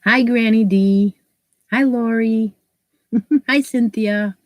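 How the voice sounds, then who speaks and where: A woman's voice: fairly high pitch, steady tone, takes it slowly, darkish tone, no echo. A woman hosting a crochet live stream, chatting casually and greeting viewers by name, her nose stuffed up from allergies. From New York State, US. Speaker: crochet channel host.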